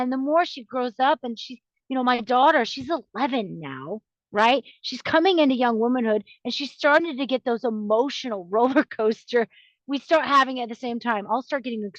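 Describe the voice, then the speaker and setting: A woman's voice: fairly high pitch, no room sound, dull audio. A woman in her thirties hosting a podcast, talking in a chatty, confiding way and laughing between sentences, with a runny nose. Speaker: podcast host. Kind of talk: casual monologue.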